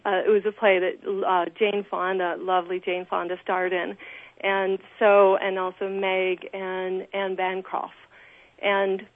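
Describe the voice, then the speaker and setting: A woman's voice: medium pitch, completely flat delivery, slow pace, dry recording. An actress being interviewed over the phone, gushing and restarting her sentences often. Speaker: actress guest. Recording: tinny phone line.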